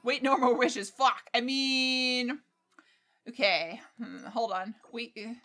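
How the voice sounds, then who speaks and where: Bright, high-voiced excitable American woman. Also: slow. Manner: excitable, swears freely, laughs often. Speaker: streamer. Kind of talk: casual livestream gameplay chat. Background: faint game music.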